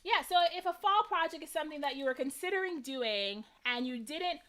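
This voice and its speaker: A woman's voice: high voice, fairly quick. A woman hosting a live crafting stream, chatting casually and animatedly to her viewers. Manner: chatty and animated, many fillers. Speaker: craft livestream host.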